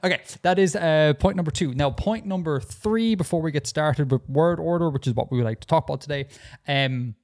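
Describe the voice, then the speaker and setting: A man's voice: on the high side, fairly quick, a little mellow. A man co-hosting a casual podcast discussion, talking in a chatty, hesitant way with frequent restarts and fillers. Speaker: podcast co-host.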